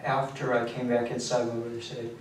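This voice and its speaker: Flat-voiced man confessing in echoey room. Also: fairly quick. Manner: flat, matter-of-fact recounting, voice often trailing low. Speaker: suspect confessing. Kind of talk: police interrogation confession. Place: police interview room. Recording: echoey room, mic far off, faint noise.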